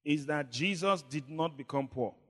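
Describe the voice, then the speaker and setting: A man preaching a sermon, leading the congregation in call and response, swinging between shouts and low murmurs. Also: normal speed, long reverb tail. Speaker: pastor.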